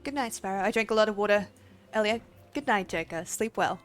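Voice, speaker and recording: A woman's voice: mid-range voice, fairly quick, faint music behind. A woman streamer chatting casually with viewers while playing a game, laughing often and swearing freely. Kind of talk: casual livestream chat.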